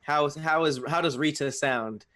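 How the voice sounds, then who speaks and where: A man playing a tabletop game, talking in an excitable, stammering way. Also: fairly high pitch, normal speed, slight background noise. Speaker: player. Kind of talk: casual banter at a game table.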